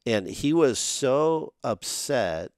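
A man's voice: medium pitch, expressive, extremely slow, clear, resonant tone, no room sound, clean studio sound. A middle-aged man, a chiropractor, talking conversationally as a guest, with plenty of "you know" fillers. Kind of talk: casual interview chat.

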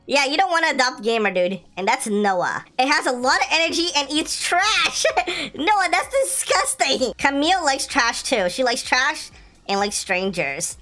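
A woman hosting a gameplay video, excitable and playful, laughing often as she comments. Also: high-pitched, a little slow, faint music behind. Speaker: gaming video host.

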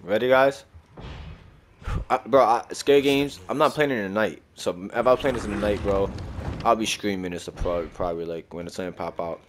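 A man's voice: lowish voice, moderate pace, a little hiss or hum. A man hosting a casual let's-play of a horror game, talking in slang and breaking into sudden startled outbursts. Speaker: gaming video host.

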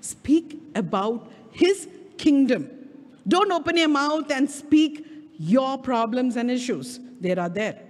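A middle-aged woman with an Indian English accent preaching a sermon at a prayer meeting, stretching key words slowly for emphasis. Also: sits high, expressive. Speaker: guest speaker. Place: church prayer hall. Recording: reverberant hall.

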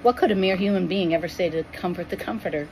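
A woman's voice: on the low side, quick pace, a little mellow, slight background noise, poor audio. A woman reading her own spiritual vision as a Christian storyteller in earnest, devout, emotional narration.

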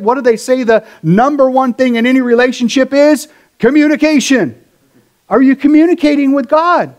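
A middle-aged man, a pastor, preaching a sermon in a casual, conversational way with slang. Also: high-pitched.

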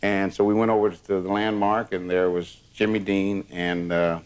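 An older man with a low voice, interviewed about the past. He tells his stories plainly and matter-of-factly. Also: level tone, normal speed, smooth. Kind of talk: recounting stories.

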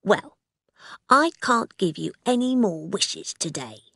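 A cranky, gruff little sand-fairy from a storybook, put on by a woman reading aloud. He speaks slowly and irritably, with a husky, breathy edge, in a dry close sound. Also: medium pitch, big pitch swings, a bit bright, no echo, heavily acted. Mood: grumpy. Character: grumpy wish-granting male sand-fairy creature.

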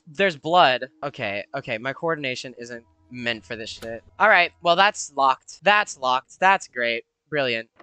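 A man's voice: high-pitched, bright, forceful tone, no room sound. A young man commenting on his own horror game play, jumpy and profane, with nervous laughter and sudden yelps. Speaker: gamer.

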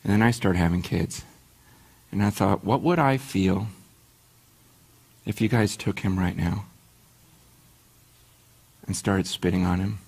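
A middle-aged man preaching a sermon as a pastor, swinging from hushed to urgent and asking the congregation rhetorical questions. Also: sits low, measured pace, vocal fry, pauses often, husky.

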